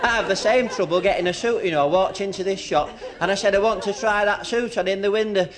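Stand-up comedian, high lively voice, rambling and chuckling, live club with heavy crowd noise and hubbub. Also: male voice, fast talker. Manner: rambling, chuckling between jokes. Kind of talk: stand-up joke telling.

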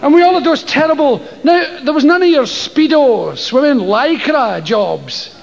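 Profane Scottish comedian, high animated voice. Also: male voice, unhurried, gravelly. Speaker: stand-up comedian. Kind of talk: stand-up comedy storytelling. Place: live comedy venue with an audience. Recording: lo-fi live show with crowd and noise.

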